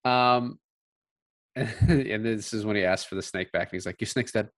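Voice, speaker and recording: A man co-hosting a casual podcast, relaxed and given to laughing as he talks about a film. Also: on the low side, measured pace, no echo. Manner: relaxed, laughs often, quotes film lines in passing. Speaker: podcast co-host.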